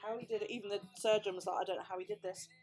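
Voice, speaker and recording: A woman's voice: medium pitch, fairly even intonation, racing, a little mellow, faint music behind. A British woman vlogger telling a story in casual chat, swearing freely and acting out the quoted dialogue. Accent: British English. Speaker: crafting vlogger.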